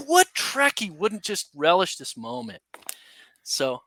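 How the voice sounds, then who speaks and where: Give me a man telling a story as a podcast guest, animated and forceful, recorded dry and close. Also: high-pitched, measured pace, no room sound. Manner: animated, rambling, with many "you know" and "right?" asides. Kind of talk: casual storytelling.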